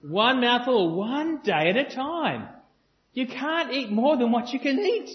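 A man's voice: very high-pitched, expressive, a little slow. A man preaching a sermon to a congregation, earnest and emphatic, repeating his phrases and joking with the crowd. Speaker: pastor. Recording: dull lo-fi sound.

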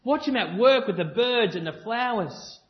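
A man with a high voice preaches to a live congregation, pressing his points through repetition and breaking into playful back-and-forth with the room. The recording sounds dull and lo-fi. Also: lively intonation, normal speed. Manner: earnest and emphatic, repeats phrases, jokes with the audience. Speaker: pastor.

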